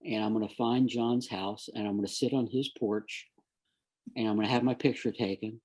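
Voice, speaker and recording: A man's voice: lowish voice, fairly even intonation, moderate pace, a little mellow, slightly rough. A middle-aged man, a guest on an interview show, animatedly telling a story and acting out the voices of the people in it. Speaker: guest sharing a near-death story. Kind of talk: conversational storytelling.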